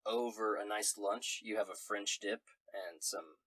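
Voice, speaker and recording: A man's voice: lowish voice, steady tone, measured pace, a bit bright, dry recording. A man narrating a tabletop game as game master, in a jokey, giggly way.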